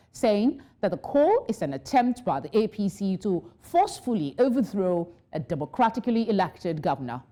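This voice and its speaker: A woman anchoring a television newscast, reading the stories in a formal, measured way. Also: mid-range voice, mellow. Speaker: news anchor. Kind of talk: scripted news reading. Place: news studio.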